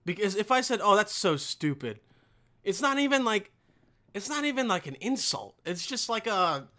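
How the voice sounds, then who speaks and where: A man's voice: high voice, very animated, moderate pace, pushed and bright. A man hosting his own podcast, rambling through a casual, profanity-heavy solo rant with lots of emphasis. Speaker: podcast host.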